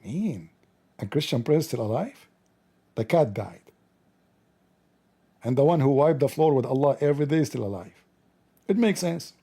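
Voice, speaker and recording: A man hosting a livestream, talking in a sarcastic, mocking comedic monologue with a gravelly voice. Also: mid-range voice, lively intonation, normal speed, pauses often, mellow. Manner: sarcastic, mocking, acts out dialogues. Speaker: livestream host.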